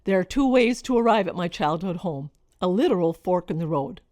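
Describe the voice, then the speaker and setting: A middle-aged woman from Minnesota reading her own personal story in a reflective, expressive way. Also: fairly low pitch, brisk, no echo. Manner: reflective, expressive, lingering over list words.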